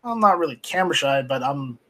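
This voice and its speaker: A man hosting a casual live stream off camera, reading viewer chat aloud and talking in a halting, rambling way with many restarts. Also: a little high, expressive, pushed and bright. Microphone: home streaming mic, voice only, off camera.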